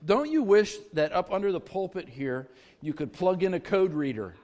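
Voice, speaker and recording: A man's voice: high-pitched, lively intonation, moderate pace, darkish tone. A middle-aged man preaching a sermon as a pastor, with a conversational, folksy storytelling manner and touches of humor. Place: church sanctuary. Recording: long church reverb.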